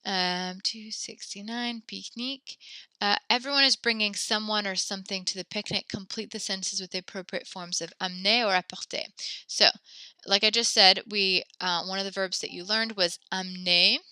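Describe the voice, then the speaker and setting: A woman's voice: mid-range voice, fairly even intonation, normal speed, bright, forceful tone, smooth, no echo, studio quality. A woman teaching an online French class, praising her students often and walking through verb conjugations step by step.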